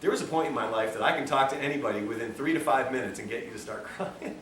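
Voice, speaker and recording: Bright-voiced man telling a joking story. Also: mid-range voice, fast talker, a little hiss or hum. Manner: chatty, joking, self-mocking asides. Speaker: lecturer at a health institute. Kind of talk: humorous storytelling lecture. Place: lecture room at a health institute. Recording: echoey room, distant mic, faint ambience.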